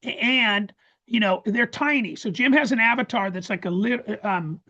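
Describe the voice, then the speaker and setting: Man, webinar presenter, excitable, stammering restarts, muffled lo-fi call audio. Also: high voice, moderate pace. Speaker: course presenter. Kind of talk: casual live webinar talk.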